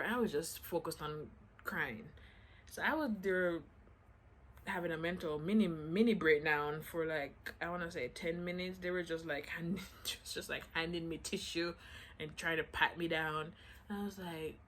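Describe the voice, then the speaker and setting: A woman with a slightly low voice chats through a personal storytime for her viewers. She keeps slipping in little "I'm like" asides to act out the conversations, with a faint hiss under the recording. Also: normal speed, fairly bright tone. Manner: chatty, acts out quotes with "I'm like" asides. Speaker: vlogger telling a story. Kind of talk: casual storytime chat.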